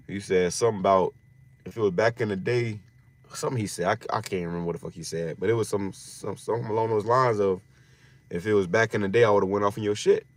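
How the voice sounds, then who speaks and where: A man giving an informal scripture teaching in slangy street talk, often repeating phrases and restarting his words. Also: fairly low pitch. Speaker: religious teacher.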